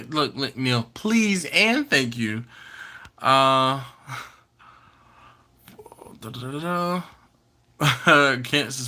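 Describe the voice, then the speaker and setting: The host of a BBQ channel talks in a bright, pushed, mid-range voice with a Maryland accent. During his live stream he's chatty, reading viewer comments aloud and poking fun at them. The audio comes from a computer or phone microphone.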